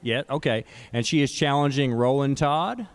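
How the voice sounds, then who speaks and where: A man hosting a live broadcast debate, talking in a relaxed, loose way with many uh fillers. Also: mid-range voice, normal speed, clear, resonant tone. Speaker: host. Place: winery event space.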